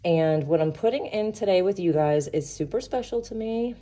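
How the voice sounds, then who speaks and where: A woman's voice: lowish voice, expressive, normal speed, mellow. A woman hosting a savings challenge vlog, chatting casually and upbeat with viewers, laughing often and a little out of breath. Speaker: savings challenge video host. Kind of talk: casual chat to viewers while doing crafts.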